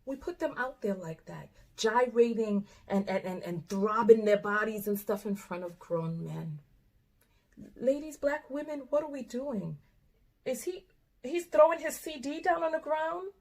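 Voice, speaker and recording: A middle-aged woman, a life coach, reacting to a video, animated and exclamatory at times, then soft and earnest. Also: on the high side, unhurried. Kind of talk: reaction commentary.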